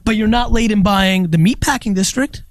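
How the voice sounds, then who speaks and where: Recorded dry, this male guest on a laid-back podcast has a voice that sits high and moves briskly. He swears freely and hammers his points by saying them again and again.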